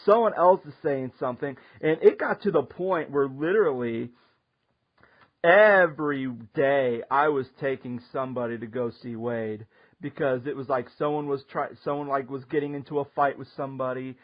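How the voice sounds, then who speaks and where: A man hosting a casual talk show, telling a story in an animated way and laughing often. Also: medium pitch, normal speed. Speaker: podcast host. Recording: muffled lo-fi audio.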